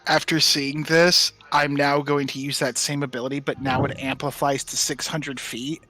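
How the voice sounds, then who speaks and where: A man's voice: mid-range voice, flat delivery, normal speed, sharp tone, soft background music. A man playing a tabletop game, explaining his character's actions chattily and thinking aloud. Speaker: player. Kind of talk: casual tabletop game talk.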